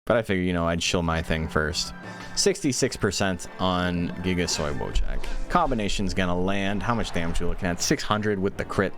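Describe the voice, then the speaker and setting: A man giving casual play-by-play commentary on a monster-raising game tournament, chatting quickly and answering questions from chat. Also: low-pitched, fairly bright tone, soft background music.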